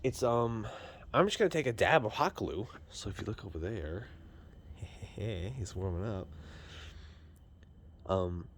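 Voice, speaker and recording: A man's voice: lowish voice, very animated, moderate pace, a little hiss or hum. A man rambling casually while fixing a car in his garage, filming on a handheld phone camera. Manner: rambling, self-deprecating, chatty. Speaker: vlogger. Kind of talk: casual chat.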